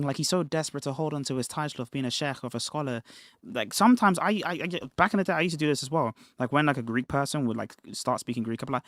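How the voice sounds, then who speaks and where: A man's voice: on the high side, big pitch swings, quick pace, fairly bright tone, no echo, studio quality. A man streaming live, commenting on a replay of his own debate in a casual, mocking, slang-heavy way and laughing often.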